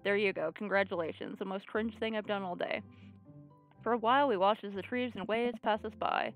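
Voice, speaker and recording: Gravelly-voiced woman streamer reading a game. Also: medium pitch, fairly quick, phone-quality sound, faint music behind. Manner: playful, joking asides, giggly. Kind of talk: playing and reading a game aloud.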